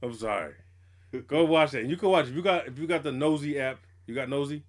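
A man's voice: on the high side, fast. A man co-hosting a hip hop podcast, chatting casually with loose, profane, laughing banter. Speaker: podcast co-host.

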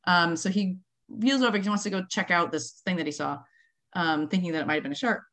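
A middle-aged woman who researches marine mammals, telling field stories in a casual, animated way, laughing often and acting out quotes. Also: lowish voice, a little fast. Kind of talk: casual conversational storytelling.

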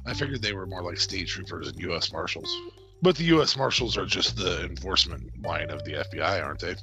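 A man's voice: sits low, expressive, fairly quick, bright, forceful tone, soft background music. A man from Nebraska co-hosting a podcast, cracking jokes and playing along in casual banter. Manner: wisecracking, laughs often, plays along with bits. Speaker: podcast co-host.

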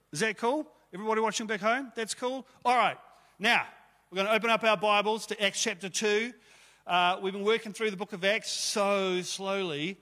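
A man's voice: high-pitched, steady tone, moderate pace, sharp tone. A man, preaching a casual, jokey sermon as pastor into a stage microphone in a church hall. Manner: chatty, jokey, conversational preaching.

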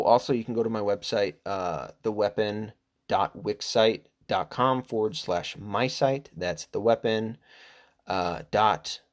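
Middle-aged podcast guy, kinda low voice, swears a lot, rambles and cracks himself up. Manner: profane, rambling, laughs at himself. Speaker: podcast host. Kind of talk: crude casual monologue.

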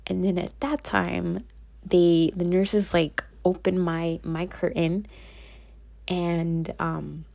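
A young woman telling a personal story to her viewers in a casual vlog, speaking softly and often dropping into a whisper. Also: lowish voice, little pitch movement, takes it slowly, gravelly. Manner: soft-spoken, slipping into whispers. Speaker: vlogger.

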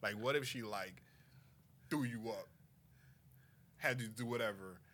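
A man co-hosting a casual chat, easygoing and relaxed, sometimes trailing off into soft mumbles. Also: fairly low pitch, measured pace. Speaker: podcast co-host.

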